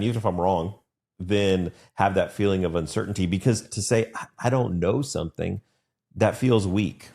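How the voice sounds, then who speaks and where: Man, very deep voice, reflective, measured, casual talk. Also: darkish tone. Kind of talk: casual conversation.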